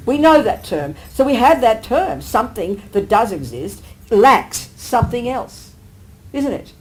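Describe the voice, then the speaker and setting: Buddhist teacher, woman, slightly high voice, animated, keeps checking listeners agree, acts out exclamations. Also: normal speed, low-quality recording. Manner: acts out everyday exclamations with sudden lifts. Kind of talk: live dharma teaching to an audience.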